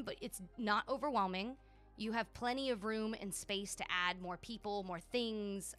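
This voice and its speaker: Here a young woman talks casually while live-streaming a video game, effusive and animated, with "like" and "dude" all over her speech. She speaks at a medium pitch.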